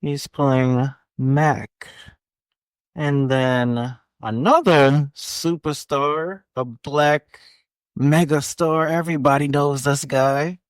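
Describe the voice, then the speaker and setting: A man in his forties, co-hosting a podcast with dry, reluctant, deadpan answers. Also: a little high, takes it slowly, clean tone, no room sound. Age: 40s. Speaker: podcast co-host. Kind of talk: casual chat.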